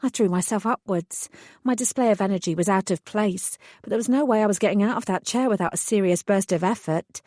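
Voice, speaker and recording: A woman's voice: medium pitch, brisk, no room sound, clean studio sound. Woman narrating a wry fantasy audiobook. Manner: wry, expressive storytelling. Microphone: close studio mic.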